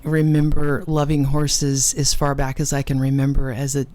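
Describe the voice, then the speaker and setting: Woman speaker with a low voice, telling her testimony earnestly and emotionally. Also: monotone, mellow. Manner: earnest, emotional storytelling with dramatic pauses. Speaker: ministry cofounder and conference speaker. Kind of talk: personal testimony.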